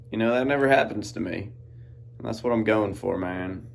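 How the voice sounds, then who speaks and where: A man's voice: low-pitched, normal speed, vocal fry. A man hosting a podcast, talking in a laid-back, rambling way full of folksy slang. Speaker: podcast host. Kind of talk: casual monologue. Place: outdoors in farm fields.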